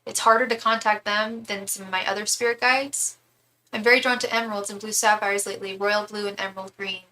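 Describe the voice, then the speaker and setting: A young woman tarot reader chatting on a live stream, rambling from story to story with plenty of fillers. Her voice is bright and forceful, sitting at an ordinary middle pitch. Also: steady tone, brisk, slight background noise. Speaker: tarot reader and psychic medium. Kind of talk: casual live-stream chat.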